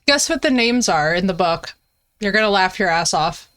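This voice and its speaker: A woman streamer telling a story in casual chat, animated and swearing, often laughing, with big jumps in her voice. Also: mid-range voice, moderate pace.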